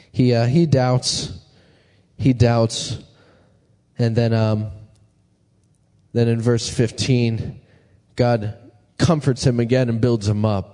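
A man's voice: mid-range voice, warm tone. A man preaching a casual, conversational sermon and asking his congregation questions. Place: church hall. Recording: long hall reverb.

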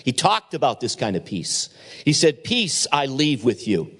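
A man preaching a sermon at an evening chapel service, acting out the people in his stories with lively changes of voice. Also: medium pitch, a little slow. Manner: expressive preaching, acts out dialogue. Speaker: pastor.

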